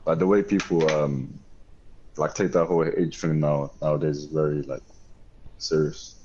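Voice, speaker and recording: A man's voice: rumbling low, steady tone, moderate pace, dark tone, highs cut off. A young man co-hosting a podcast, rambling casually with many "like" fillers. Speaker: podcast co-host. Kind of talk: casual chat. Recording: faint background noise.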